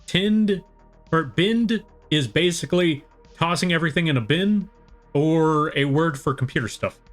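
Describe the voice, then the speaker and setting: A man's voice: fairly high pitch, a little slow, fairly bright tone, soft background music. A young American man chatting casually with his viewers during a live drawing stream, rambling and poking fun at himself. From United States. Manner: rambling, self-deprecating, chats with viewers. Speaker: art streamer.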